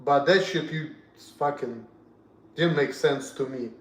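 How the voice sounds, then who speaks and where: Speaking at a slightly slow pace with a fairly high pitch, this young man from Russia delivers a casual, profane stream rant in a Russian accent. He repeats himself and drifts between loud and quiet.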